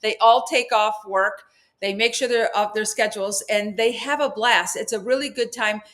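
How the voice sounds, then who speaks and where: A woman co-hosting a talk show, telling stories in quick animated bursts with plenty of fillers. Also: mid-range voice. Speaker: co-host. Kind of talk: casual chat.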